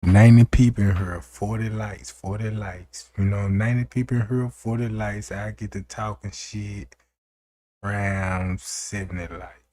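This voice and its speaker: A man's voice: lowish voice, steady tone, a little slow, dark tone, dry recording, studio quality. A man hosting a live stream, talking to his viewers in a hyped, chatty way. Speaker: livestream host. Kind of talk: casual livestream commentary.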